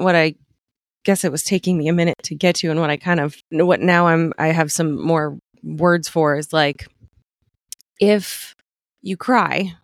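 A woman co-hosting a podcast, talking slowly and reflectively, restarting her sentences as she searches for words. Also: lowish voice, no echo, studio quality. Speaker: podcast co-host. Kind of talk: casual conversation.

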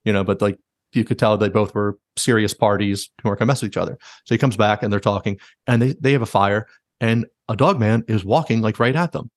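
A man hosts a casual podcast chat, rattling through stories at a brisk clip and leaning on "like". His voice sits on the low side. The sound is close and dry. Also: no room sound. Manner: animated retelling, heavy use of "like". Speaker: podcast host.

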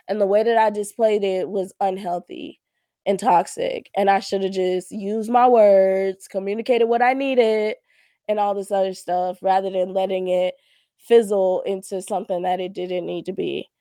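A young woman talks casually on her own, candid and slangy, full of "like" and "um". Her voice sits at an ordinary middle pitch. The sound is dry and close, with no room echo. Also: fairly even intonation, moderate pace, mellow. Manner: chatty and candid, slangy, many fillers and laughs. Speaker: podcast host. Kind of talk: casual solo talk on communication.

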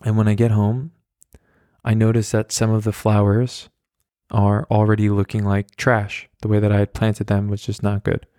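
A man hosting a solo podcast, telling rambling, self-deprecating stories in his flat with many fillers, carrying a handheld mic around as he walks. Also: on the low side, normal speed, no echo, studio quality. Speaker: podcast host. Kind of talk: casual solo storytelling. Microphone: handheld mic carried around.

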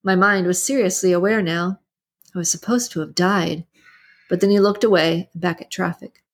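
A woman reading a novel aloud in the first person, steady and measured, and hosting her own reading channel. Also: on the low side. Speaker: book reader and channel host. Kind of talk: audiobook narration.

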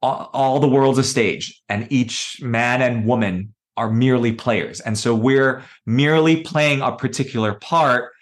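This podcast guest speaks at an unhurried pace with a medium pitch and few pauses. Thoughtful and conversational, he reflects on personal stories and performs the voices of those he quotes.

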